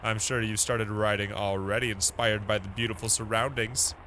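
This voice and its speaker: A man's voice: fairly low pitch, steady tone, moderate pace, bright, forceful tone, a little hiss or hum, pitched below the performer's own voice. A man reading out a letter as an eager male professor in a video game, in a grand, theatrical way.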